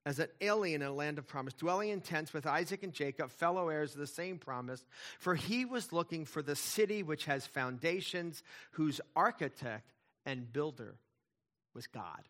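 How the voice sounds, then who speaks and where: A man's voice: on the high side, animated, moderate pace, fairly bright tone. A middle-aged male pastor preaching a sermon, emphatic, with intensity that swells and drops back.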